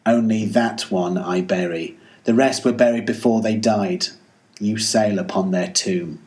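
A man's voice: lowish voice, fairly even intonation, a little slow, a little mellow, close to an everyday voice. A man doing a grieving, hollow-cheeked sea captain. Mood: grave. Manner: sorrowful, grave.

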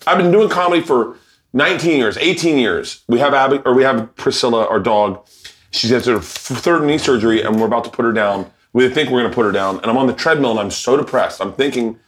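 A man in his forties who hosts a cooking show and tells loud, animated comic stories. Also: medium pitch, a little fast. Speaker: podcast host and comedian. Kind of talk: comedic storytelling, casual chat.

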